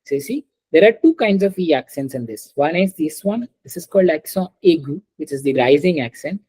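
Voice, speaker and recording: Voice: mid-range voice, expressive, brisk, dark tone, slightly rough, low-quality recording. A teacher giving an online French class over a video call, patiently repeating words and calling on students.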